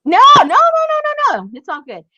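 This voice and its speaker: A woman's voice: very high voice, huge pitch swings, moderate pace, sharp tone, no room sound. A woman vlogger chatting casually and telling a story, often laughing as she talks. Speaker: craft vlogger. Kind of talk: casual chat while crafting. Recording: dull lo-fi sound.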